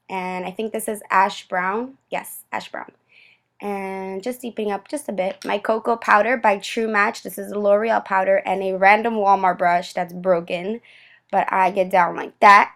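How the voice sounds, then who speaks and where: A woman's voice: mid-range voice, vocal fry. Chatty young woman doing a makeup tutorial. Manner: chatty, enthusiastic, talks to viewers as friends. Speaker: beauty vlogger.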